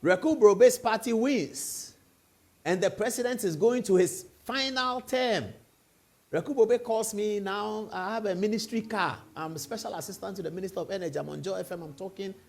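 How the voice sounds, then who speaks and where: A man's voice: sits high, moderate pace, vocal fry. A man with a Ghanaian accent hosting a live evening TV talk show, asking rhetorical questions and spinning hypothetical stories in the first person. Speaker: TV show host.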